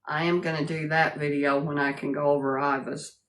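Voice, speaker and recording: A woman's voice: sits low, level tone, brisk. A woman hosting a casual livestream, greeting viewers by name and laughing often as she chats. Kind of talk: casual live chat.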